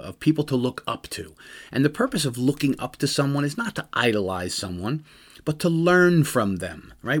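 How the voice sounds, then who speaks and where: A middle-aged American man telling stories in a loose, rambling monologue, full of fillers and restarts. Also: medium pitch. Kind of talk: casual storytelling monologue.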